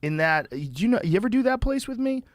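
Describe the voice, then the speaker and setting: A man hosting a podcast, telling stories in a casual, profane, animated way. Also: sits high, fast talker, no echo, studio quality. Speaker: podcast host.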